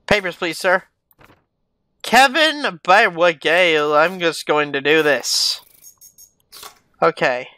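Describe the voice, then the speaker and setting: Bright-voiced man narrating gameplay. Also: a little high, slow, pauses often, no room sound. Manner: reads documents aloud, muttering asides. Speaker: gaming YouTuber. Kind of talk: casual let's-play commentary.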